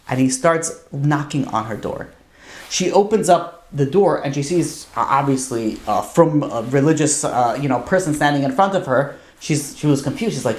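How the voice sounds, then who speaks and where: Animated rabbi telling a story. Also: male voice, a little high. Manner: animated, with many "you know" asides. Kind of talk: storytelling talk. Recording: roomy echo.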